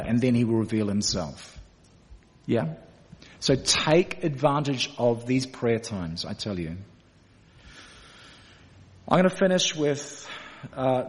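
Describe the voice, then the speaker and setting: A man preaching a sermon in a church, earnest and direct with his congregation. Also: medium pitch. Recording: echoey church hall.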